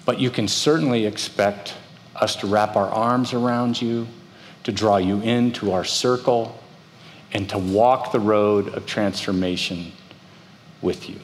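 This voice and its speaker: Speaking at a measured pace with fairly even intonation, a middle-aged pastor uses a lowish voice to preach, telling stories and acting out the voices in them. The recording, made in a reverberant church hall, has a little hiss or hum.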